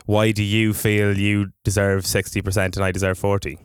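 A man's voice: on the low side, flat delivery, normal speed, clear, resonant tone, no echo, clean studio sound. A man co-hosting a casual podcast, questioning the terms of a deal. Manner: questioning, laughs easily. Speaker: podcast co-host.

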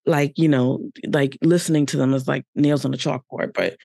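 A woman's voice: extremely low pitch, fairly even intonation, normal speed, creaky, warm tone, dry recording, studio quality. A woman hosting an interview podcast, chatting casually and praising her guest, with many fillers. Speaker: podcast host.

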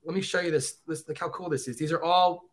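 Middle-aged man, podcast guest, animated storyteller, slightly raised voice. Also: a little high, fast. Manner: excitable, animated storyteller who acts out quotes. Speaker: podcast guest, former celebrity reporter. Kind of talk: casual storytelling chat.

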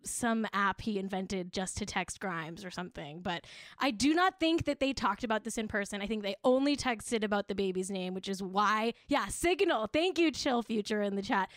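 A woman's voice: medium pitch, no room sound, studio quality. A young woman hosting a live web show, chatting casually and mocking herself, with frequent giggles and lots of "like.". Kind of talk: casual live-stream chat.

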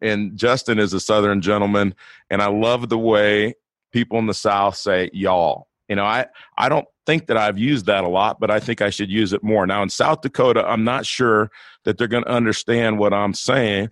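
A man hosting a podcast, talking in a friendly, rambling way with quick asides. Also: lowish voice, fairly even intonation, fairly bright tone, no echo. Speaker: podcast host. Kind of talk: casual podcast chat.

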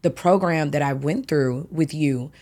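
A woman with a low, husky voice hosts a relaxed podcast chat. She speaks with features and tells stories with animation, acting out the voices of people she quotes. Her delivery is lively and she laughs easily. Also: measured pace. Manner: animated storytelling, acts out quotes, laughs often. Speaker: podcast host. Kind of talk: casual chat.

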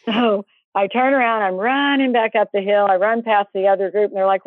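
A woman guest telling personal faith stories in a casual, animated way, acting out what people said. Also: mid-range voice, a little fast, no echo. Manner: animated, acts out quoted voices. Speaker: guest storyteller. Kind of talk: casual testimony storytelling. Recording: tinny phone line, dry.

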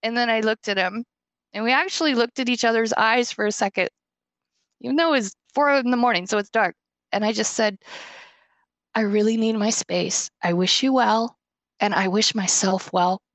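A woman's voice: fairly high pitch, normal speed, dry recording. A woman hosting a podcast, telling a personal story with feeling and frequent laughter. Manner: emotional, laughs often, animated storytelling. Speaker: podcast host.

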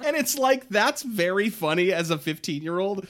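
Animated man telling stories. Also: high-pitched, moderate pace. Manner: animated storyteller, laughs a lot. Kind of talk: casual chat.

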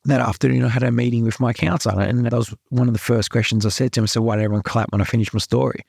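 Australian man, podcast guest, candid earnest storytelling, husky voice, dry sound. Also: medium pitch, fairly even intonation, very fast, a little mellow, no echo. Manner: earnest, repeats himself, full of likes and rights.

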